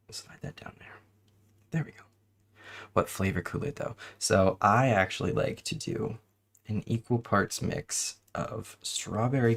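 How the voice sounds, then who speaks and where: Male streamer, gravelly and soft-spoken, chewing gum, giggly casual chat while building. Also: on the low side. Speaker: host.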